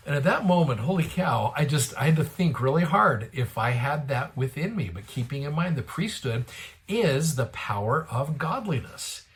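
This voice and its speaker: A man's voice: medium pitch, expressive, normal speed. Earnest man telling a faith story. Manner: earnest, retells dialogue with a lifted voice. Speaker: host of a daily scripture show. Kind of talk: devotional storytelling.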